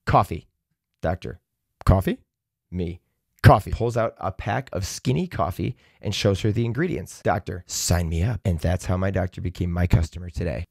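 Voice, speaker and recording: A man hosting a comedy channel, reading Reddit posts aloud with sardonic, profane, deadpan asides. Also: sits low, a little fast, gravelly, hardly any pauses, no echo, studio quality. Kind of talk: sarcastic comedic commentary.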